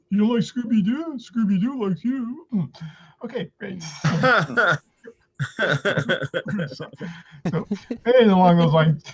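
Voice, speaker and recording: A man doing stand-up jokes over a video call, halting with many fillers, clearing his throat and giggling at his own lines. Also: a little high. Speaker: stand-up comedian. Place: at home in front of a green screen. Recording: muffled lo-fi video call audio.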